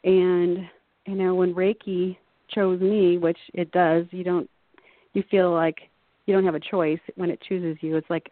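A woman's voice: on the low side, level tone, unhurried, no echo. A woman as an interview guest, talking in an earnest, reflective, rambling way. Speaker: guest artist. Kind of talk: casual interview chat. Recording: dry tinny phone line.

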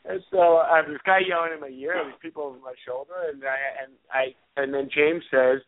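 A man guest telling a long story in halting speech full of fillers and soft chuckles. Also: fairly high pitch, steady tone. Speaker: guest photographer. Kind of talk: anecdote telling on radio call-in. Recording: tinny phone line.

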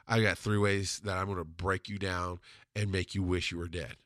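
A man hosting a podcast, talking through listener questions in a blunt, intense way, swearing freely and slowing down hard on the points he wants to land. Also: sits low, fairly bright tone, no room sound, studio quality. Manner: emphatic, slows down on hard points. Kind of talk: casual monologue.

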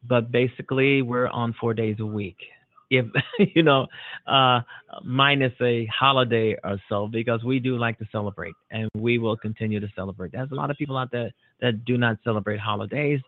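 A man's voice: medium pitch, steady tone, moderate pace, no room sound. A male talk show host speaks with earnest conviction, repeating himself and padding his lines with fillers. The sound is thin and phone-like, and bone dry with no room at all. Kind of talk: closing monologue of a call-in show. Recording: dry, tinny phone-like audio.

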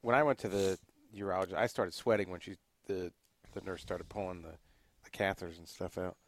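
A man's voice: low-pitched, fairly even intonation, a little fast. A man co-hosting a podcast, chatting casually and rambling a bit. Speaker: podcast co-host.

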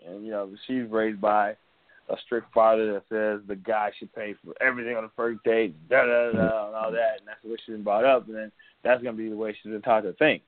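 A man's voice: lowish voice, level tone, fairly quick, no echo. A man in casual podcast chat, rambling with frequent laughs and restarts. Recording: tinny phone-like sound.

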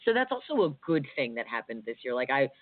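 A woman's voice: extremely low pitch, big pitch swings, fast talker, dry recording. Woman, radio co-host, rambling casual chat, phone-like tinny audio, dry. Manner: chatty, rambling, fillers.

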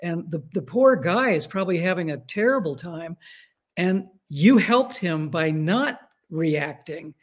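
A man's voice: fairly high pitch, expressive, a little slow. A man appearing as a guest on an astrology show, speaking in a thoughtful, chatty way and repeating words as he works out his ideas. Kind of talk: casual chat.

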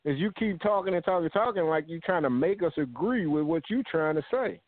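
A man's voice: a little high, a little fast, dry recording. Blunt, tinny-sounding male mediator. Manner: calm mediator, blunt, profane. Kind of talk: casual chat. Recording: dry, tinny phone-like audio.

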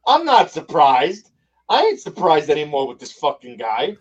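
A man's voice: on the high side, huge pitch swings, normal speed, breathy edge, muffled recording. A man on a sports radio show griping about a player in a profane, worked-up way. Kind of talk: casual sports radio chat.

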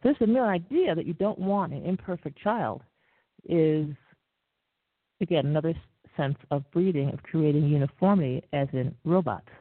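A woman hosting a talk radio show, lecturing in a measured way with frequent pauses and fillers. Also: low-pitched, animated, no room sound. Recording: tinny dry phone-line audio.

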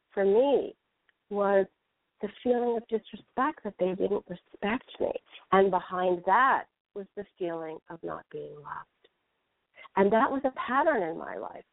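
A woman's voice: mid-range voice, no echo. A woman speaking as a spiritual teacher in a casual radio interview, telling stories in an earnest way. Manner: earnest storytelling. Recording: phone-like narrow dry sound.

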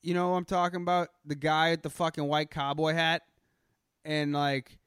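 A man's voice: on the high side, little pitch movement, moderate pace, a bit bright, clean tone, dry recording, clean studio sound. A man with a Boston accent co-hosting a podcast in crude, profane, rambling casual chat. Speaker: podcast co-host.

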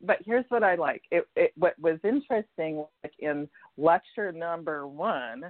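A woman's voice: deep voice, unhurried, no room sound. A woman talking in a casual radio chat as a guest, chatty and laughing often, acting out the lines she quotes. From United States. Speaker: guest, energy healer. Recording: tinny phone line, dry.

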